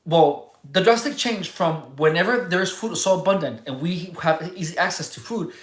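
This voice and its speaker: A livestream host talking casually and answering viewers' chat, rambling and halting, restarting sentences and searching for words. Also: medium pitch, echoey room.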